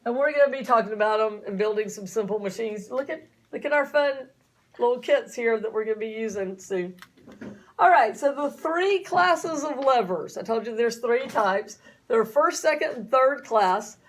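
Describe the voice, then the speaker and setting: High-voiced chatty woman teacher. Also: moderate pace, a little hiss or hum. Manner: chatty, folksy, asks the class questions. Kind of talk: classroom lecture. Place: classroom.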